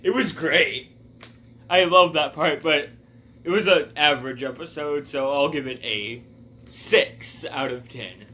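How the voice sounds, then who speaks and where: A man's voice: a little high, a little slow, bright, forceful tone, slight background noise. A man talking casually in a rambling review, wandering off on tangents. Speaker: video reviewer.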